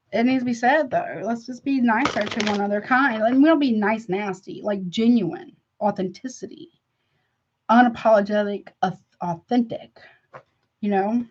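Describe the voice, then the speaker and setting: A woman's voice: fairly high pitch, muffled recording, noisy background. A woman reading tarot in a casual livestream, chatty and frank, calling her viewers honey and baby with rambling asides. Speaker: tarot reader.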